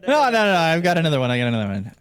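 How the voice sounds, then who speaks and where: Animated higher-voiced male caster. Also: rapid-fire. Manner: animated, acts out joke characters with pitch jumps. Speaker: esports co-caster. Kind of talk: casual stream chat and joke telling.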